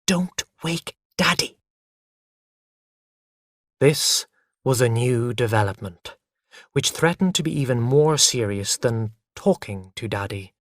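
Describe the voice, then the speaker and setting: A man narrating a graded reader story in a slow, clear, expressive reading voice. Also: medium pitch, dry recording, clean studio sound.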